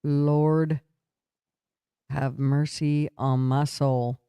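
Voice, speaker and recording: A man's voice: on the high side, little pitch movement, very slow, dark tone, clean tone, no room sound, studio quality. An older man hosting a casual chat, laughing a lot. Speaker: podcast host.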